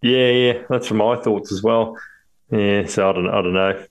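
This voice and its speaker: A man's voice: fairly low pitch, a little slow, smooth. Laid-back swearing podcast co-host, man. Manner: laughs often, swears freely, mimics people he quotes. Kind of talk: casual chat.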